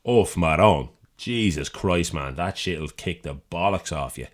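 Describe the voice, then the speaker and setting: A young Irish man with a Dublin accent, co-hosting a podcast and telling a profane, animated story in a casual chat from a city studio. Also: low voice, measured pace. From Ireland. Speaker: podcast co-host. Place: city studio with door open.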